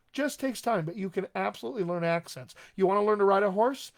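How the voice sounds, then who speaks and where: A man working as a dialect coach, answering viewer questions on a live stream in an encouraging, conversational way with plenty of fillers. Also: high-pitched. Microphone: webcam or desk mic on a live stream.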